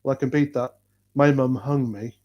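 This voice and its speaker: A North Welsh man hosts a casual livestream, talking bluntly and swearing freely as he rambles from point to point. His voice sits at an ordinary middle pitch. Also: fairly even intonation, moderate pace, highs cut off. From North Wales. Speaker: livestream host reading chat.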